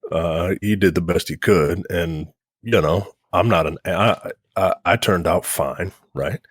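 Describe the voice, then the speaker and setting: A man in his thirties co-hosting a casual podcast chat, telling long animated stories with lots of restarts. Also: low voice, a little slow, breathy edge, no room sound, studio quality. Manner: rambling, animated storytelling with restarts. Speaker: podcast co-host.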